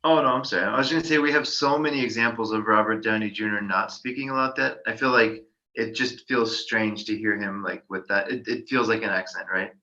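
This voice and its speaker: A man's voice: on the low side, steady tone, a little fast, pushed and bright, dull audio. A man co-hosting a film podcast, polite and apologetic, asking questions of the others. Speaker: podcast co-host. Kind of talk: casual film chat.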